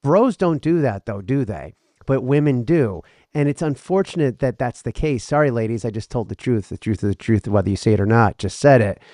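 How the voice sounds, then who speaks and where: A man's voice: mid-range voice, expressive, fairly quick, few pauses, dark tone, dry recording, clean studio sound. A man from the Northeast US co-hosting a podcast, rambling and opinionated, full of fillers. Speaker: podcast co-host. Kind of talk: casual banter.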